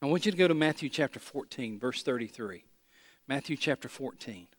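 A man preaching a sermon, swinging between loud emphatic lines and hushed low ones, repeating phrases as he talks straight to the congregation. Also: lively intonation, brisk. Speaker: pastor.

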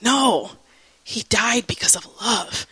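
A woman teaching the Bible through a personal testimony, emotional and halting, with many fillers and restarts, and breaking into laughter at times. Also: fairly high pitch, bright, forceful tone, husky, long reverb tail, rough recording.

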